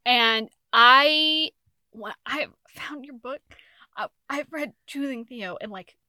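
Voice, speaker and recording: A young woman hosting a podcast, chatting excitedly and casually about books she loves, swearing now and then. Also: sits high, slow pace, no room sound, studio quality. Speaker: podcast host. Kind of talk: casual interview chat.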